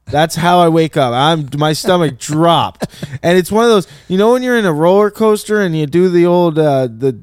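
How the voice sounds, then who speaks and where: A man's voice: a little high, moderate pace, clear, resonant tone, dry recording, studio quality. A man co-hosting a podcast, telling a story in casual chat, acting out the voices of the people in it and laughing often. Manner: animated, acts out quoted voices, laughs often. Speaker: podcast co-host.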